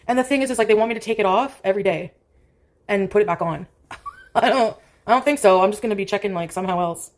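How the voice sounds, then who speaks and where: A woman's voice: mid-range voice, quick pace. A woman chatting casually on a livestream, rambling and filling her speech with "like". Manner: rambling, with heavy use of "like"; coos softly to her cat in baby talk. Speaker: streamer.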